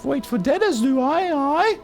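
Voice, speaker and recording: A man's voice: very high-pitched, lively intonation, unhurried, darkish tone, soft background music, voice pushed up, heavily acted. A man voicing a hunched, rash-covered undead creature who talks like a ten-year-old girl, using broken grammar and ending lines with "hi". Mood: odd, childlike.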